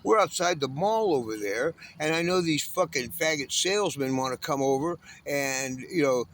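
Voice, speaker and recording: A homeless panhandler in his sixties from Southern California delivers a long, bitter, profane rant, railing against everything in an uneven, angry flow. His voice is a little high for his age, expressive and a bit bright, at a moderate pace, with slight background noise.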